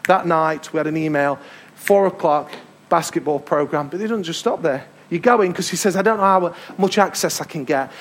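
An English man preaching from the pulpit with a high-pitched voice. He tells stories in a lively way and hammers home his points by repeating them. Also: fairly quick. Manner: storytelling, emphatic repetitions. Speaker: pastor. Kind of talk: sermon. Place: church hall.

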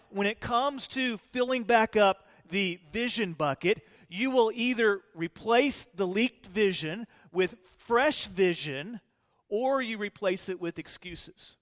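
A male pastor preaching a sermon in a church, animated, swinging between loud emphasis and quiet low lines. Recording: long hall reverb.

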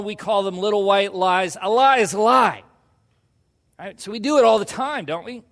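A man preaching a sermon, telling a personal story and acting out quoted lines in a hushed voice before pushing to loud emphasis. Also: sits high, in a large hall. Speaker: pastor.

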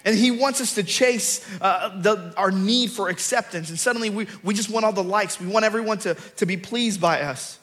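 A middle-aged male pastor preaching a sermon. He mixes relaxed storytelling with rising, shouted emphasis on key lines. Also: high voice, normal speed, hardly any pauses.

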